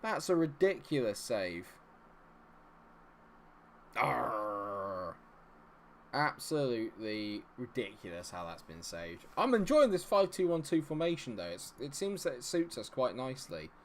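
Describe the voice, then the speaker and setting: Excitable man streaming a game. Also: medium pitch, moderate pace, hardly any pauses, slight background noise. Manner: excitable, swings between cheering and fretting, talks to chat. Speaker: streamer playing a football management game. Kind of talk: live stream commentary.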